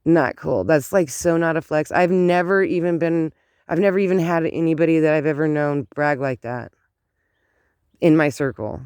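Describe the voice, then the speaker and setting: A middle-aged woman ranting in a casual outdoor vlog, animated and indignant, rambling with many fillers, recorded on a handheld phone. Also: low-pitched, dry recording, studio quality. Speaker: vlogger. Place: outdoors in cold morning air.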